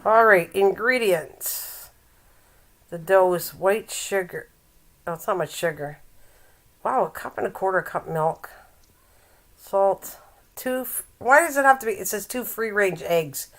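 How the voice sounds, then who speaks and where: A woman's voice: mid-range voice, expressive, a bit bright. Chatty older woman, laughing often. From Canada. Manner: chatty and teasing, laughs often, reads aloud haltingly. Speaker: live stream host. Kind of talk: casual live-stream chat.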